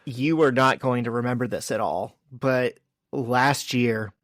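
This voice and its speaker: A man's voice: mid-range voice, no room sound. Laid-back podcast guy rambling through a story, um and like a lot, dry close mic. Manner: relaxed storyteller, drawn-out with fillers. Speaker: podcast co-host. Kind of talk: casual chat.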